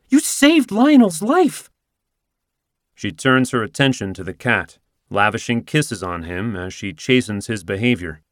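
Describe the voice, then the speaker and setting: A man reading a first-person story in a wry, even manner. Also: mid-range voice, no echo, studio quality. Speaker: narrator. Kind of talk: scripted first-person narration.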